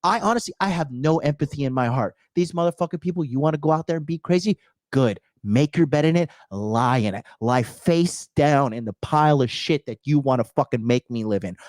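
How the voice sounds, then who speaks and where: A man's voice: on the high side, a little fast, darkish tone, no echo, clean studio sound. A man hosting a show, delivering an aggressive, profane commentary rant full of mocking asides. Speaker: podcast host.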